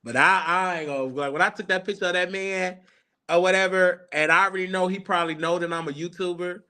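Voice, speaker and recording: A man in his thirties hosts a live Q&A, candidly confiding stories about his own life. His high-pitched voice is bright, forceful, clear and resonant, delivered fast with fairly even intonation.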